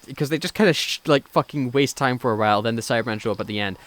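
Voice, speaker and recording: A man's voice: mid-range voice, racing, crowd noise. A man co-hosting a podcast review in loose, profane casual chat, often acting out lines from scenes. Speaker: podcast co-host.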